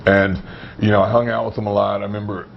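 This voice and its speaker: A man with a low, gravelly voice tells stories in a loose, rambling way, restarting lines as he goes. The recording is dull with a faint hiss under it. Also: little pitch movement, fast talker. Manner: rambling, full of restarts and "you know". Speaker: wrestler guest. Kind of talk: casual storytelling. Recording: dull, slightly noisy recording.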